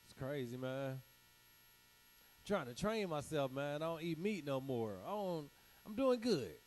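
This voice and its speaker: A man's voice: fairly high pitch, big pitch swings, unhurried, darkish tone, poor audio. A man doing a stand-up set, telling loose stories with slang and punchy sound effects. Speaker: stand-up comedian.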